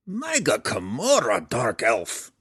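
A man voicing a gruff male deep gnome warden who shouts his words. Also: sing-song, slow pace, no echo, clean studio sound. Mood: shouting.

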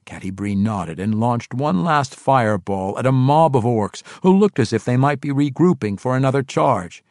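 A man narrating a story in an expressive, animated way, recorded on a close studio mic. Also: mid-range voice, moderate pace, no room sound. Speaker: audiobook narrator. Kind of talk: scripted narration.

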